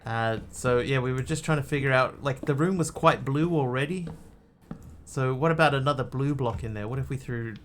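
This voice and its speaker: A man's voice: mid-range voice, moderate pace, a little hiss or hum. A man streaming a game, chatting casually and answering his chat as he plays. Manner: chatty, greets and answers chat while playing.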